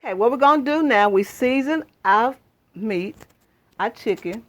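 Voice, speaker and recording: A woman's voice: a little high, expressive, normal speed. Chatty woman cooking at home. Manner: homey, chatty, addresses viewers as y'all. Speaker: cooking channel host. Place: home kitchen.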